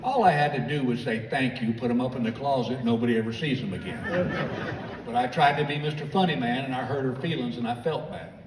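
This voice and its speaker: Quick and medium-pitched, this American stand-up spins long tales and animatedly impersonates the people in them. Heard from the seats of a large theater through the PA system, the audio is distant, echoey, noisy and punctuated by crowd laughter.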